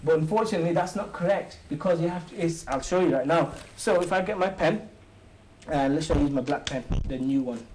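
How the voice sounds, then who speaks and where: A man hosting and teaching an informal maths lesson, quizzing a few students with quick questions and joking as he goes. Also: a little high, darkish tone, a little hiss or hum, poor audio. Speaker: maths teacher and show host.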